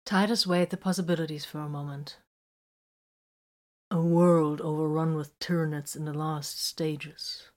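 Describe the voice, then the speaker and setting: Low-voiced woman reading a story. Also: fairly even intonation, measured pace. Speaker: reader.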